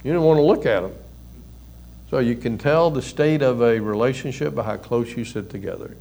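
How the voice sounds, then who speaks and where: A man's voice: mid-range voice, normal speed, vocal fry. Older man preaching in a folksy way. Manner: folksy storytelling with soft chuckles. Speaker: pastor and counselor. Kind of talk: conversational sermon.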